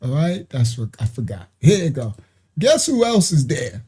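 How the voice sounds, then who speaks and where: A woman's voice: rumbling low, very animated, moderate pace, mellow, husky. A woman hosting a live reaction stream at her computer, chatty and mocking, laughing often and using plenty of slang. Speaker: livestream host. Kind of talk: reaction commentary livestream. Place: at a computer, sharing her screen.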